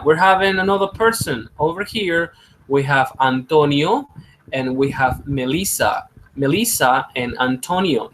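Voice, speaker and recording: A man leads an English lesson, stretching each word slowly and repeating it. His voice sits a little high for a man. Now and then he slips into rapid to explain. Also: fairly bright tone, slight background noise, rough recording. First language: Spanish. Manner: drawn-out repeated words, switching to quick Spanish asides. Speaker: English teacher. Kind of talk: slow classroom pronunciation drill.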